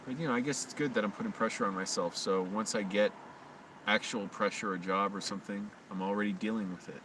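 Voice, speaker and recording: A man rambling through a late-night livestream monologue, talking quietly and anxiously to himself with frequent restarts. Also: lowish voice, fast. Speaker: live streamer. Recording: distant mic with constant hum.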